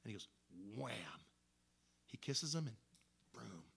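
A man's voice: medium pitch, expressive, a little slow, vocal fry, a bit bright, slightly rough. A man preaching a sermon in a conversational, storytelling way, with frequent restarts. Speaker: pastor.

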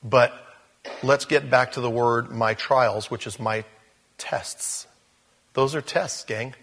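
A man preaching a sermon, animated, often repeating words and speaking straight to his listeners. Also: medium pitch, takes it slowly, a little hiss or hum. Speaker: pastor.

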